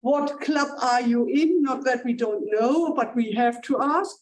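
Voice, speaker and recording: High-voiced German-accented woman emceeing. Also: unhurried, low-quality recording. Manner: playful, self-teasing asides. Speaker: contest chair. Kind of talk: emceeing a speech contest. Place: stage in a contest hall.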